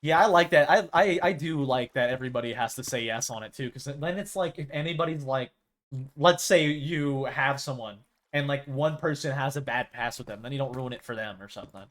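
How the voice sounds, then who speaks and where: A man's voice: medium pitch, brisk, a bit bright. A man chatting casually with his stream viewers as a live streamer, rambling and acting out quoted exchanges.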